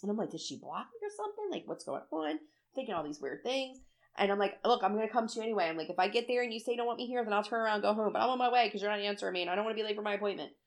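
Woman just chatting, mid pitch, tells stories super animated, quotes herself, swears a lot. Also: rapid-fire. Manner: animated storytelling, acts out her own quotes, swears freely. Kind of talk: casual chat.

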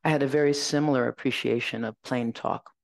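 Gentle, gravelly-voiced woman Zen teacher. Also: rumbling low, steady tone, fairly quick, no room sound. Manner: gentle, reflective storytelling. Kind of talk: dharma talk.

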